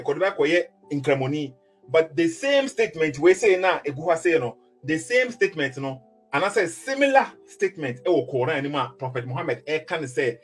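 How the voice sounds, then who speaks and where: A Ghanaian man reads and explains scripture in a preaching cadence, moving between Twi and English. His voice sits in a middle pitch with a husky edge. Faint music plays beneath him. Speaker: religious debater. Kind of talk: preaching-style Bible teaching.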